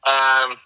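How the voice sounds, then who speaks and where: Slow, bright-voiced Irish young man. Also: medium pitch, clear, resonant tone, low-quality recording. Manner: hesitant, laughs nervously. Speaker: quiz contestant. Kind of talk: casual chat.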